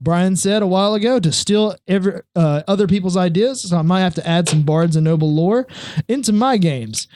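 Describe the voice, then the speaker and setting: A man doing a cheerful Canadian fan with a jokey, exaggerated accent, reading a thank-you letter aloud. The voice sits fairly high and keeps cracking into giggles. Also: brisk, darkish tone, slight background noise, natural voice. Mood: amused. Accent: mock Canadian. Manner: giggly, breaking into laughter mid-letter.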